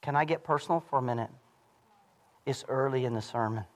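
A pastor preaching a sermon in a church, animated and swinging between shouting and hushed lows. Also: male voice, a little fast. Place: church sanctuary. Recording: long hall reverb.

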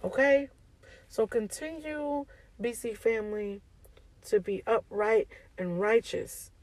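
A woman's voice: a little high, takes it slowly, a little mellow, no echo, rough recording. A woman giving an informal devotional talk to her online community, often asking "okay?" and speaking in a casual, preachy way. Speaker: faith speaker.

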